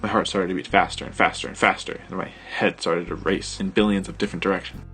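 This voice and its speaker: Man, low voice, shy rambling storyteller, faint music behind. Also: steady tone, quick pace, gravelly, bright, forceful tone. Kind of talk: reading his own story aloud.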